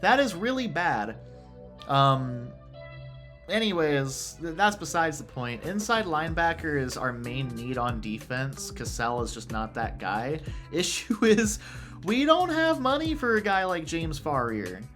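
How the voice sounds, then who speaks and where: A man talks through his football video game session in a loose, excitable way and shouts at the players when things go wrong. His voice sits a little on the high side. Clear game music plays under him. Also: measured pace. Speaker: gamer playing a football video game franchise. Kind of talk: casual let's-play commentary.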